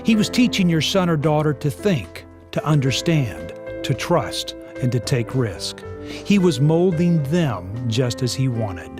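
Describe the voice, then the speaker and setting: A man reading a scripted radio spot in a warm, earnest way. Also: mid-range voice, sing-song, unhurried. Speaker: parenting radio spot host. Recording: radio spot over a music bed.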